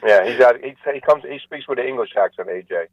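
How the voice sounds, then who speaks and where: A man, a comedian guest, telling jokes in a rambling, animated way. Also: medium pitch, fast talker, muffled recording, a little hiss or hum. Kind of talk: casual storytelling interview.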